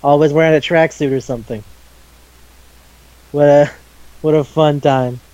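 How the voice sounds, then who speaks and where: A man's voice: fairly high pitch, fairly even intonation, moderate pace, a little mellow, no room sound, muffled recording. Chatty enthusiastic man reviewing anime. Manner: enthusiastic, rambling, laughs often, acts out scenes. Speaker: podcast co-host. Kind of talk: casual anime review chat.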